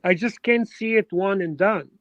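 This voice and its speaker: A man's voice: sits high, moderate pace, fairly bright tone, dry recording. A man co-hosting a casual livestream, speaking hesitantly with many fillers and a reassuring tone. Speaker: regular livestream co-host. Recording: dull, dry lo-fi mic.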